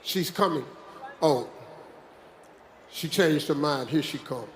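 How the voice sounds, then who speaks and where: An older American man giving a live motivational speech in a large dome, animated, preachy and joking with the audience. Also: fairly high pitch, slow pace. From West Virginia, USA. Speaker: motivational speaker. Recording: echoey dome, faint crowd noise.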